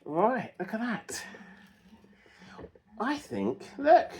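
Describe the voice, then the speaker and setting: A man's voice: on the high side, very animated, measured pace, pauses often. A man chatting casually to the camera as he works on an old car in his home workshop, joking at his own expense and talking to himself. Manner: self-deprecating, chatty, talks to himself while working. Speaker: car restoration vlogger. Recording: noisy workshop with dogs barking.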